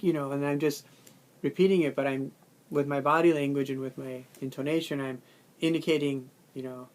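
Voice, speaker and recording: A man giving a loose, unscripted lecture, thinking aloud as he goes. His talk is full of fillers and restarts. Now and then he acts out quick exchanges between a student and a teacher in a questioning tone. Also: mid-range voice, steady tone, a little mellow. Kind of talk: casual lecture recording.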